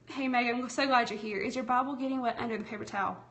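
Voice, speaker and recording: Southern lady from tennessee doing a live craft stream on her tablet, kinda high voice, chatty, lots of y'all. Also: steady tone, rapid-fire, fairly bright tone. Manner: chatty and friendly, calls viewers y'all, talks while working. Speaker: craft livestream host. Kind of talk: casual live tutorial, reading viewer comments. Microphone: tablet streaming app.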